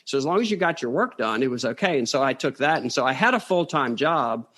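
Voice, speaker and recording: Middle-aged man, rural Virginia accent, mid pitch, talks in easy self-mocking anecdotes. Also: animated, fast, fairly bright tone. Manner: self-deprecating, chuckles as he tells stories. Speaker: guest, author. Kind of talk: casual storytelling interview.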